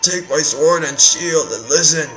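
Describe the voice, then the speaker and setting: A man voicing a wounded older uncle who gives his last orders in a slow, solemn way. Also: fairly high pitch, fairly bright tone, faint music behind, poor audio.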